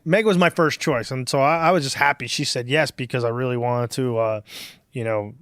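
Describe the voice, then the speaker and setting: A man in his thirties hosts a casual podcast, rambling through stories with plenty of swearing and filler words. His voice sits at a middle pitch. The sound is dry and close, with no room echo. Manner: profane, rambling storyteller with many fillers. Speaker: podcast host.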